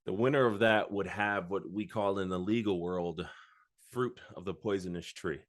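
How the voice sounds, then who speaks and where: A man's voice: low-pitched, normal speed. A man co-hosting a sports podcast, talking in a playful, mock-grand game-host way. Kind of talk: casual sports podcast chat.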